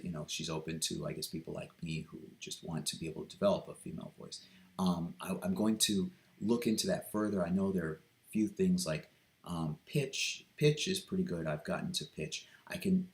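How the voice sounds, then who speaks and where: A man talking through a reflective personal vlog, hesitant and earnest, with many pauses, ums and restarts. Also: sits low, gravelly. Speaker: vlogger.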